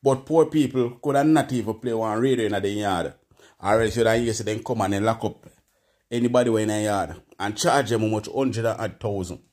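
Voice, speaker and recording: A Jamaican man with a Jamaican Patois accent, hosting a casual political commentary channel and ranting in an animated, indignant way. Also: lowish voice, normal speed.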